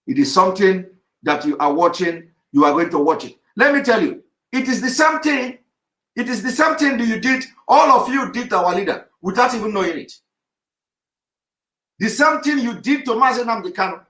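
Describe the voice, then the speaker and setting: A man giving a live online address to his followers, insistent and repetitive, in the manner of forceful oratory. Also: high-pitched, animated, normal speed. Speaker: activist leader giving a live broadcast. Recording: roomy echo.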